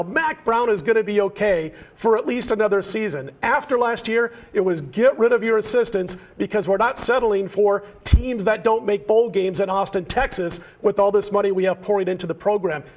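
A man in his forties from Nebraska, giving punchy, opinionated analysis as a regular on a sports betting talk show. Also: high voice. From Nebraska, USA.

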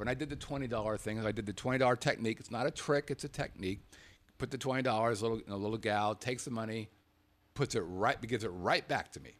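A man telling a travel story in a casual, animated way, swearing freely and acting out the dialogue himself. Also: mid-range voice, fast talker. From Las Vegas, USA.

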